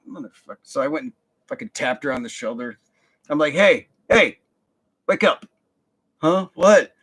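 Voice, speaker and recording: A man's voice: mid-range voice, a bit bright, rough recording. A middle-aged man, telling rambling, profane stories on his podcast and laughing often. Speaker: podcast host. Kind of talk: casual storytelling monologue.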